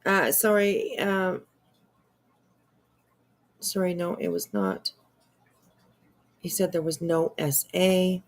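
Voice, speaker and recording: A woman streamer giving chatty, sarcastic commentary on online drama, with drawn-out exclamations and casual swearing. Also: lowish voice. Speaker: live streamer.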